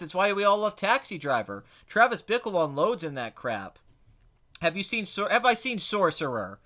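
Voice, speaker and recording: A man hosting a podcast, chatting casually about movies in a blunt, sarcastic, opinionated way. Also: fairly high pitch. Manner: blunt, opinionated, sarcastic, swings between flat and excited. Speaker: podcast host answering chat questions.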